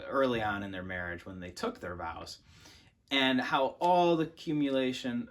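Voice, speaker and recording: On his poetry channel, a young man reads through a poem and talks about what it means, easygoing and casual. His voice sits in the mid range, and he works through his thoughts aloud, stumbling into fillers and starting over.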